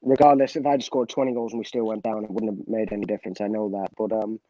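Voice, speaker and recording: A former footballer being interviewed, telling a story candidly, with many restarts and quoted dialogue. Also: male voice, lowish voice, flat delivery, quick pace, dark tone, muffled recording.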